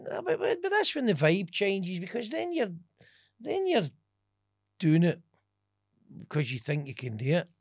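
A man's voice: high-pitched, unhurried, vocal fry, pauses often, no room sound, studio quality. A Scottish man, a stand-up comedian, telling swear-laden stories in a casual podcast chat. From Scotland. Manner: animated, swearing, laughing storyteller.

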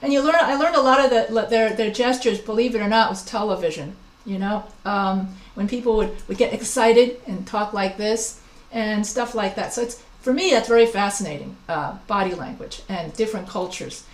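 A woman's voice: medium pitch, moderate pace, reverberant, poor audio. A woman teaching a business communication class, talking in a chatty, anecdotal way with many restarts and asides. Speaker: instructor. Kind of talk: recorded class lecture.

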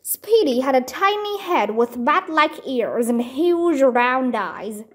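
A woman reading a children's storybook aloud clearly and deliberately. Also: high voice, expressive. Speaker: storybook reader. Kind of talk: children's book read-aloud.

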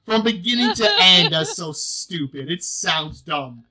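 A man's voice: sits high, animated, unhurried, over a noisy crowd. A young man hosting a casual podcast chat, laughing and poking fun at himself. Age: young adult. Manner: laughing, self-deprecating, flustered. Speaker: podcast host.

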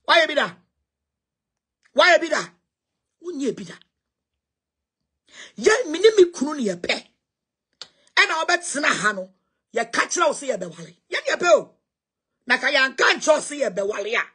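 A woman's voice: high voice, big pitch swings, moderate pace, pauses often, pushed and bright. A woman with a Ghanaian accent giving an impassioned, confrontational spoken response, switching between Twi and English.

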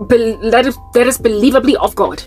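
A woman's voice: fairly high pitch, brisk, a little mellow, soft background music. Fervent woman vlogging. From South Africa. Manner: fervent, rhetorical questions, rambling asides. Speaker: Christian YouTuber. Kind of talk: impassioned vlog monologue.

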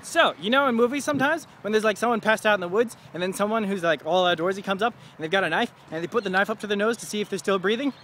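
A man's voice: sits high, racing, hardly any pauses, a bit bright, slight background noise. A man in his twenties rambling through a goofy, self-mocking video diary outdoors in a city, laughing at his own jokes. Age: 20s. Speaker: vlogger.

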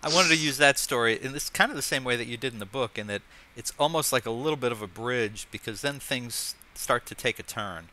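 Bright, hesitant male interview host. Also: medium pitch, animated, a little hiss or hum. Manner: hesitant, halting, with many restarts.

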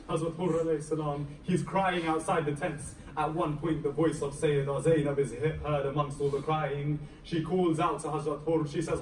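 A man's voice: a little high, level tone, normal speed, few pauses, a little mellow. Man preaching a dramatic sermon in an echoey hall. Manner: dramatic storytelling, voicing quoted figures with rising emotional intensity. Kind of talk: Muharram majlis sermon narration. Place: mosque hall. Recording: echoey hall, voice picked up from a distance.

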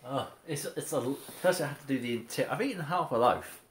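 A man eating on a livestream, dry and low-key, reading out viewer comments between bites. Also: brisk, slight background noise. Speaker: mukbang co-host reading chat. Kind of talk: casual chat while eating on a livestream. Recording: roomy echo.

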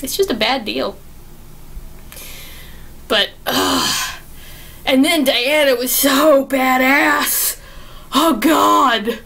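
A young woman giving a casual, gushing spoken movie review, excitable and full of restarts. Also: high-pitched, extremely slow, creaky, pauses often.

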